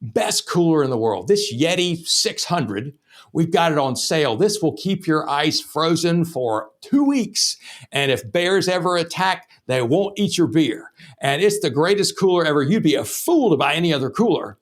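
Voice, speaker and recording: A man voicing an eager young store clerk in a story, pitching with pushy, salesy enthusiasm. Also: wildly swooping pitch, very fast, hardly any pauses, a bit bright, breathy edge, full character voice.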